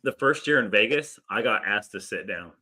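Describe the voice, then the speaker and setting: A man with a low voice and a bright, forceful edge, chatting about football in a laid-back, swear-filled way. He tells fan stories and gripes about ticket prices. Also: animated, moderate pace. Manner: laid-back, profane, laughs through stories. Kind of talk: casual sports chat.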